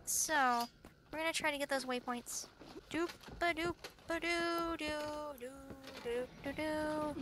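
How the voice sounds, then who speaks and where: A woman casually commenting while she plays a game, chatty and excitable, often giggling. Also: high voice, background noise. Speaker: gameplay channel host. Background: game music.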